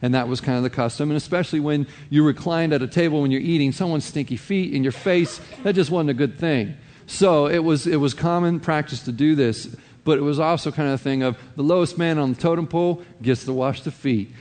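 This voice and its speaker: Male pastor, slightly higher voice, sermon in a big reverberant hall, chatty asides. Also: a little fast, a little mellow. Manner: conversational preaching with many "you know" asides.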